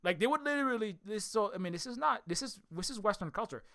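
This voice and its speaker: A man giving a rambling, scornful opinion commentary, talking in an animated way and often restarting and repeating words. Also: high-pitched, quick pace. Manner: scornful, mocking. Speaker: commentary video host.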